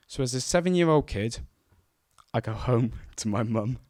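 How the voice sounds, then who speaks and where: A young man telling a true story on stage, animated and self-mocking as he acts out the scenes. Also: medium pitch, normal speed, no echo, studio quality. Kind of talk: live storytelling to an audience. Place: stage at a live event.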